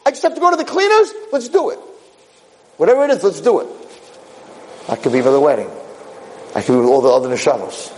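A man voicing an eager soul in a high, breathless voice. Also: big pitch swings, fast talker, long pauses, in a large hall, slight background noise. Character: eager, relieved soul longing for heaven.

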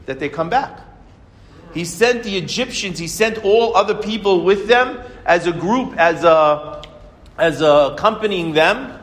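A man teaches the weekly Torah portion, asking questions and answering them himself in a lively way. His voice sits a little high. The sound trails off in a long reverb, as in a hall.

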